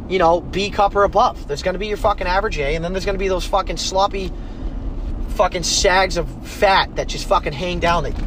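Casting a young man with a slightly high voice, swearing constantly and ranting bluntly from behind the wheel, with faint traffic noise around him. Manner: profane, blunt, rambling. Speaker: podcast host. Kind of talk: casual rant while driving. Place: in a car on the road.

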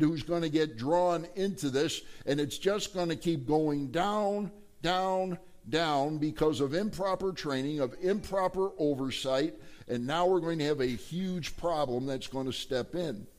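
A male pastor delivers a sermon in an animated storytelling style. His voice sits fairly high, and he throws rhetorical questions at the congregation. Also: unhurried, hardly any pauses.

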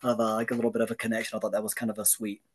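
A man co-hosting a casual film podcast, laughing often and animated as he talks. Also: racing, slightly rough. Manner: laughs often, acts out lines in a high voice. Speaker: podcast co-host.

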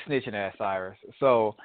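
A man telling a rambling story in a relaxed, casual chat. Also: fairly low pitch, a little slow, dry recording. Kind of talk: casual chat about a movie. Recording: dry tinny phone line.

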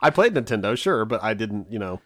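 A man's voice: on the low side, very animated, a little fast, dry recording. Rambling man telling a childhood story. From Kansas. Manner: rambling, self-mocking, frequent restarts. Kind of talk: casual storytelling chat.

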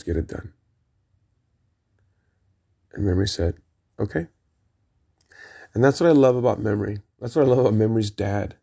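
A fairly low-pitched, gravelly, dark voice belongs to a middle-aged vlogger telling a meandering personal tale. He's emphatic, goes off on tangents, and curses liberally.

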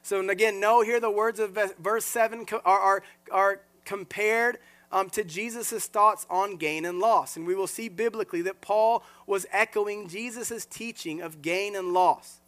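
A man preaching as lead pastor, earnest and animated, often repeating words and restarting phrases. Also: sits high, moderate pace. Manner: acts out quoted voices mid-sermon. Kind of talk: sermon.

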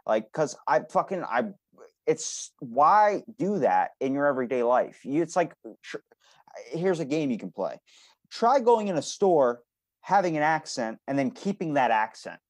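A man's voice: fairly high pitch, very animated, unhurried, dry recording, studio quality. A man hosting a podcast who talks bluntly, gives strong opinions and swears freely. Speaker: podcast host. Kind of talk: casual conversation.

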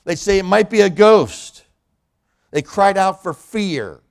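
A man's voice: high-pitched, lively intonation, slow, vocal fry. A man preaching a sermon in a church, a pastor and hospital chaplain who acts out the voices of people in scripture.

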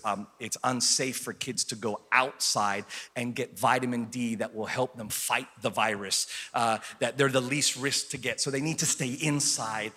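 A man in his thirties preaching a conversational sermon as pastor, telling stories and rising into loud, excited preaching. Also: medium pitch, long reverb tail. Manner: conversational, building to shouted preaching.

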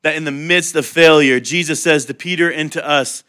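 A man's voice: a little high, fairly even intonation, moderate pace, few pauses, bright, forceful tone, clear, resonant tone. A man preaching a sermon in an earnest, conversational way, mixing humor with heartfelt appeal. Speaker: pastor.

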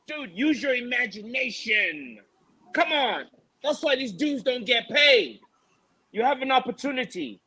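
High, bright-voiced man ranting animatedly. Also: unhurried, slightly rough, rough recording. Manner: animated, mocking, exasperated ranting. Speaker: MMA show co-host. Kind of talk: ranting fight preview chat.

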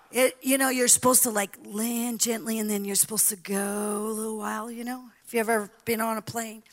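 A middle-aged woman preaching a sermon, telling a story with sudden drops to a whisper and loud cries. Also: fairly high pitch, flat delivery, a little fast, few pauses. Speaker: guest preacher.

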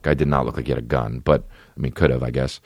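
A man's voice: very deep voice, steady tone, quick pace, a little mellow, no room sound, clean studio sound. A man in his thirties hosting a podcast, telling rambling, profane, self-deprecating stories in a casual comedic way. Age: 30s. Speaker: podcast host.

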